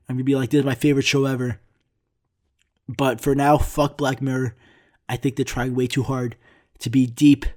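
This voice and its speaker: A young man hosting a solo podcast, rambling through a casual rant with frequent swearing and self-mocking asides. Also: medium pitch. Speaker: podcast host.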